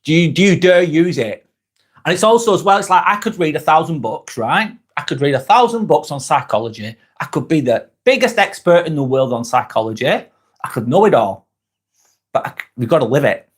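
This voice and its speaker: A man with a fairly high speaking voice hosts a live motivational chat and answers viewer comments as they come in. He talks bluntly and casually, swears freely and hammers his points home through repetition. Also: very animated, fairly quick, slightly rough. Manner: talks while eating a snack. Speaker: live vlog host.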